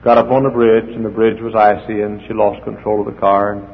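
An older man preaching a sermon as the pastor, swinging from hushed asides to near-shouts as he acts out the people in his stories. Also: on the low side, little pitch movement, fairly quick, vocal fry. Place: church hall. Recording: dull echoey hall with faint noise.

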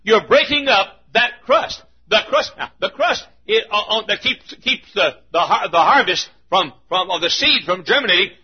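A man preaching a sermon, telling folksy stories and swinging between hushed asides and emphatic points. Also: high voice, expressive, normal speed, hardly any pauses, husky. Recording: muffled lo-fi recording.

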